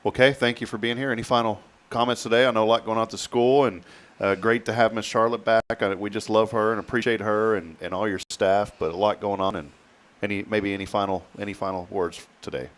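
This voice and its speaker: Guy hosting a morning chat show, lowish voice, easygoing, laughs a lot. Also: steady tone, fast. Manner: easygoing, laughs often, rambling fillers. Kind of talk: casual chat.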